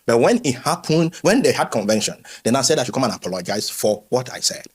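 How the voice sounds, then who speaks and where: A man, a former pastor, telling his story candidly in an interview with lively quoted voices. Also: medium pitch, fast talker, breathy edge. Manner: animated storytelling, acts out quoted voices, frequent restarts.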